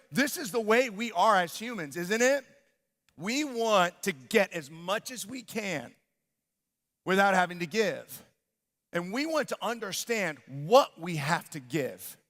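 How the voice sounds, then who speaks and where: A man in his thirties preaching a sermon, telling a family story with lively acted-out voices and sudden loud exclamations. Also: high-pitched. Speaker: pastor. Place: church sanctuary. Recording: long reverb of a large church hall.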